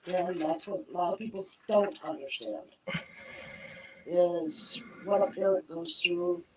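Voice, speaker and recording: An older woman, a grandmother, speaking with soft-spoken grief in an interview clip. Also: on the low side, a little slow, background noise. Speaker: grandmother of a missing child.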